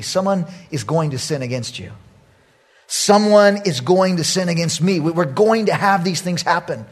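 Male pastor, sermon delivery, husky, high and very lively pitch, big swings between loud and hushed. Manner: animated storytelling, swinging between loud outbursts and hushed asides.

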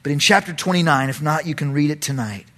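A man's voice: fairly high pitch, quick pace, a bit bright. A male pastor preaching an expository Bible study, animatedly breaking into dramatic voices for the characters.

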